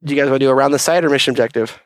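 A man's voice: medium pitch, very fast, no echo. A man co-hosting a casual gaming podcast, rambling with lots of ums and restarts. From Alaska. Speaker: podcast co-host.

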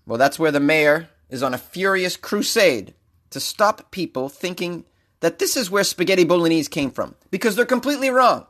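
A man's voice: sits high, animated, normal speed, a bit bright. A man hosting a comedic news podcast, rambling and joking in a self-mocking way. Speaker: podcast host.

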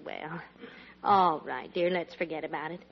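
A woman's voice: low-pitched, a little slow, vocal fry, exaggerated voice. An actress playing a worried but patient middle-aged wife and mother in a 1940s radio sitcom, soothing one moment and scolding the next. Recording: dull old radio recording.

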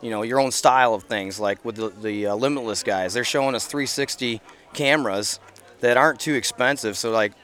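A middle-aged man talks at an ordinary pitch for his age and sex in a casual podcast chat, recorded outdoors at an event. He speaks earnestly and rambles, with many fillers and restarts. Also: a little fast, fairly bright tone. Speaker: podcast guest.

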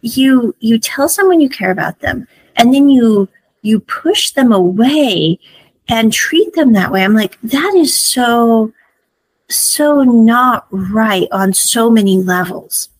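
A woman's voice: fairly high pitch, expressive, slow, dry recording, low-quality recording. A woman hosting a podcast, recapping a series episode in a chatty, opinionated way. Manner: chatty and opinionated, full of "I'm like". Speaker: podcast host.

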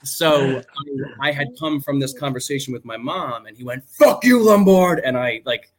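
A man's voice: mid-range voice, steady tone, moderate pace, crowd noise. A young man, an army veteran, telling his story on a video call in a loose, candid way, with many ums and some swearing. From United States. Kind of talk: casual spoken storytelling.

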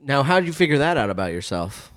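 Crude joking man, lively voice. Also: medium pitch, quick pace, no echo, studio quality. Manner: crude joking, laughs often, swears. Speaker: comedian guest. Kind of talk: casual podcast chat.

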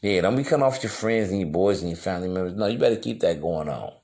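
A man's voice: deep voice, animated, quick pace, creaky, a little mellow. A man hosting a podcast, talking in a loose, slangy, preachy monologue. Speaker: podcast host. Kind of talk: casual monologue.

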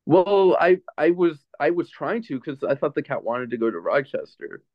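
Meek man with a lively voice. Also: fairly high pitch, normal speed, no echo, lo-fi sound. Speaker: improv comedian playing a client. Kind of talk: improvised comedy role-play.

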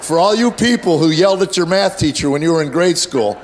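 A man in his fifties performing a stand-up comedy routine, telling stories with deadpan punchlines on stage before a laughing audience. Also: a little high, brisk, heavy background noise. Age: 50s.

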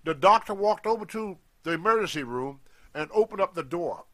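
Older male guest, lively storyteller, acts out voices. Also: sits high, a little fast. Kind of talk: storytelling in a podcast interview.

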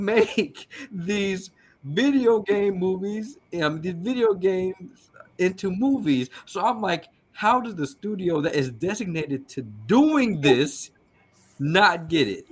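A man's voice: sits high, animated, slow pace, breathy edge. A man who is a guest on a podcast, chatting casually in a rambling way, swearing and stammering through restarts.

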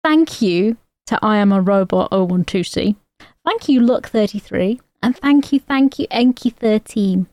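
Woman co-host, giggly, mid pitch, bone-dry mic. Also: lively intonation, unhurried, a little mellow, no room sound. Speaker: podcast co-host. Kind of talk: casual chat.

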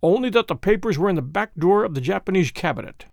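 A man voicing a sober country doctor who answers quietly and briefly. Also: high-pitched, expressive, fast, gravelly, no room sound, clean studio sound. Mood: grave. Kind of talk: audiobook character voice.

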